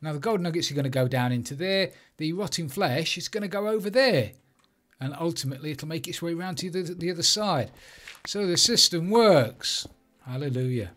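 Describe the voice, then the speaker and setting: A man's voice: fairly high pitch, animated, a little fast, a bit bright. A man giving casual gameplay commentary, chatting and thinking aloud as he builds. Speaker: Minecraft let's play creator.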